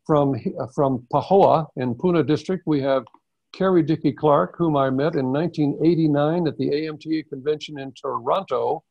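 A man who hosts a massage-therapy teaching webinar, explaining in a measured way with pauses, heard over a video call. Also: fairly high pitch, creaky, no room sound. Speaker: massage instructor hosting a webinar. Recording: dull lo-fi webinar audio.

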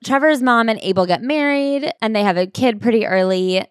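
A woman's voice: on the high side, normal speed, clean tone, no echo, studio quality. A woman co-hosting a casual book-club podcast, summarizing a memoir in conversational fillers. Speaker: podcast co-host.

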